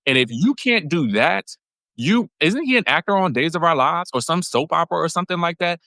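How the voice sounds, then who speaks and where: A man with a bright, forward voice swings through his pitch as he chats on a podcast. He tells his stories with animated, expressive delivery. The sound is dry and close. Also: brisk, no room sound. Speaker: podcast co-host. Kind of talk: casual chat.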